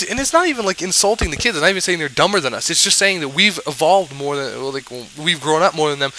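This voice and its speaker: Sarcastic male vlogger on a rambling rant; voice pitched a bit high, light hiss behind. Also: bright, forceful tone, low-quality recording. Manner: sarcastic, exasperated, rambling with fillers. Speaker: card game vlogger. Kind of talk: ranting commentary.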